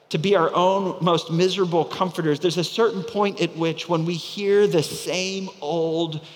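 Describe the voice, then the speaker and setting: Fervent male preacher in a reverberant hall. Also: a little high. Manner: dramatic, swings from loud proclaiming to hushed near-whispers. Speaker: pastor. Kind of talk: sermon.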